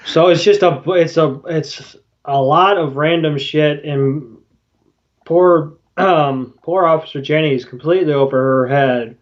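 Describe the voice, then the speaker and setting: A man's voice: a little high, a little slow. A man co-hosting a podcast, recapping an episode in wry, rambling casual chat with casual swearing. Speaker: podcast co-host. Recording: dull lo-fi podcast audio.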